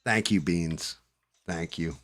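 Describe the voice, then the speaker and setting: This stream host has a low, slightly bright voice and speaks at a slow pace in a dry recording. He paints at his hobby desk and talks into a headset, chatting casually with swearing and murmured asides to himself.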